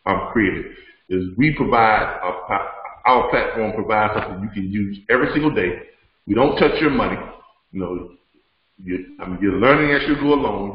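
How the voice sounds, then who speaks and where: A middle-aged man, hosting a live webinar Q&A in a conversational way, repeating words and laughing often. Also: lowish voice. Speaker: host. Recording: roomy, dull lo-fi sound.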